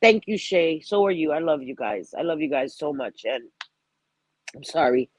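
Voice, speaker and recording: A woman's voice: deep voice, expressive, moderate pace, no room sound, rough recording. A woman hosting a live stream, talking heartfelt and rambling about grief, with a stuffy nose and frequent laughter. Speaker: livestream host. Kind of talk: emotional live-stream chat.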